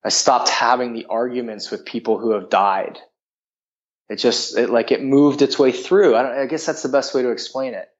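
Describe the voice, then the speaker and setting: A man's voice: mid-range voice, steady tone, moderate pace, highs cut off. A man telling a personal story in a frank, rambling way, full of filler words. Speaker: guest.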